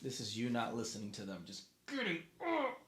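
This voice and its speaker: A man's voice: medium pitch, huge pitch swings, fairly quick, fairly bright tone. A young man co-hosting a casual podcast, laid-back and mocking as he talks about wedding guests. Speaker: podcast co-host, fiancé. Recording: echoey room.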